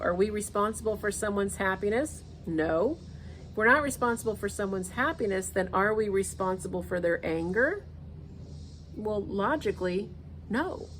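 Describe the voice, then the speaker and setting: A woman's voice: medium pitch, slight background noise. A woman in her thirties hosting a casual motivational talk, earnest and repeating her points for emphasis. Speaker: podcast host.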